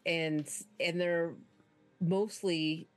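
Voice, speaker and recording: A middle-aged woman in a relaxed group chat, talking with hesitant restarts while she hunts for the right word. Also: lowish voice, extremely slow. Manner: searching for words, hesitant.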